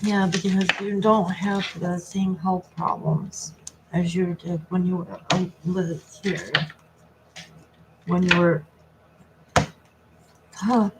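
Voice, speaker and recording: A woman tarot reader on a live stream, talking softly and reflectively as she passes on messages from a spirit. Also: lowish voice, steady tone, takes it slowly, long pauses. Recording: noisy recording with clicks.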